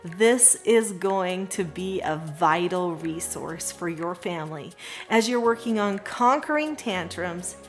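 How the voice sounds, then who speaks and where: A middle-aged woman giving parenting advice straight to the camera in an earnest, reassuring way, sometimes softening to a calm, gentle voice. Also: lowish voice, slow pace, faint music behind. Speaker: parenting educator.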